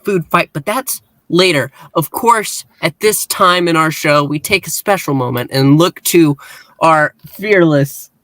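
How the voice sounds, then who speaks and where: A man hosting a casual podcast chat, upbeat and quick to laugh. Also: a little high, sharp tone, no echo. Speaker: podcast host.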